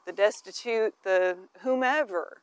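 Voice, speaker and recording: A woman with a smooth, clear voice speaks slowly and carefully about faith and love, pausing on fillers. She is a little out of breath from walking outdoors. The sound is dry and close. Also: medium pitch, no echo, rough recording. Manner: slow and thoughtful, with fillers and soft laughs. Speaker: co-host. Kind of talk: casual faith chat.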